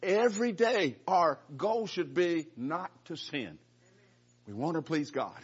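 Man, preacher, earnest, emphatic, husky voice, muffled recording. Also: fairly high pitch, lively intonation, takes it slowly. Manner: earnest, emphatic, with frequent repeated words. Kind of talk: Bible-study sermon.

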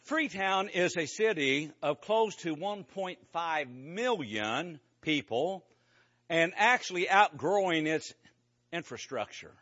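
A man preaching to a congregation, telling a lively story about a mission trip with casual asides to the listeners. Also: fairly high pitch, slow pace, dull audio. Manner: conversational, animated storytelling with asides to the audience. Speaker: preacher giving a mission report.

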